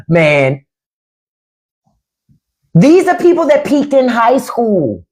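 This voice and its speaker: A woman's voice: mid-range voice, sing-song, measured pace, pauses often, a little mellow. A woman hosting a livestream, ranting bluntly and mockingly with plenty of profanity. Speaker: livestream host. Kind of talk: casual livestream rant.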